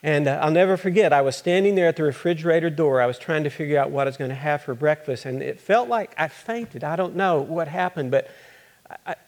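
A man playing an earnest teenage girl basketball player in a first-person monologue, halting and repeating words as she remembers. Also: fairly high pitch, lightly acted.

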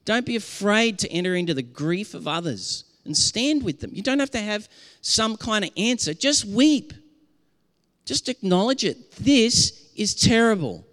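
A man's voice: sits high, a bit bright, in a large hall. A man preaching a sermon as pastor, earnest and impassioned, often restarting his sentences.

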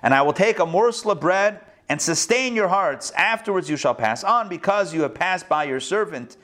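A man teaching an online Torah class, lively and humorous, mixing Hebrew terms into his explanations. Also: high voice, moderate pace. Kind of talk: online Bible class with screen sharing.

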